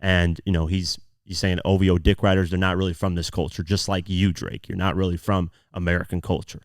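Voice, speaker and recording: A podcast host with a very low voice walks through song lyrics bar by bar, stopping often for fillers as he explains. The sound is dry and close, with little room around it. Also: flat delivery, fairly quick, dry recording. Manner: breaks down lyrics line by line, frequent fillers. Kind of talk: casual podcast commentary.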